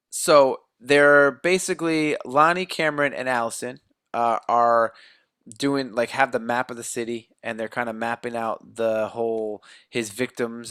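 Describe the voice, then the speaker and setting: This podcast co-host has a medium-pitched, fairly bright, clean voice, recorded at studio quality with no echo. Chatting casually to review a movie, he recaps a horror film's story in a joking, rambling way.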